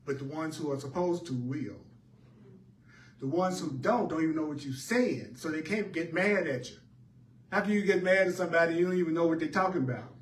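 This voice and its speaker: A man's voice: a little high, brisk, a little hiss or hum. A man teaching a spiritual class, repeating his points with an emphatic, preacher-like cadence. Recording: echoey room heard from a distance.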